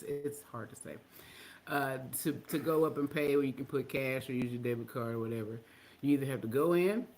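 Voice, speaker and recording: A man co-hosting a podcast, telling a story casually and acting out the voices of the people in it. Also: fairly high pitch. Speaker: podcast co-host. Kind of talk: casual chat.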